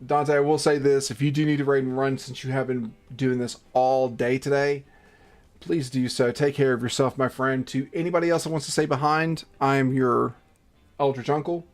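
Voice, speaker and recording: A man's voice: medium pitch, little pitch movement, moderate pace, soft background music. A man hosting a gaming livestream, reading game text aloud between profane, self-mocking banter and exasperated outbursts.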